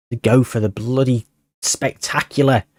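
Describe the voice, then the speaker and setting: A man commentating his football management game as he plays, anxious and short of breath, bursting into excited shouts at near misses. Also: medium pitch, no room sound, clean studio sound. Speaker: gaming YouTuber.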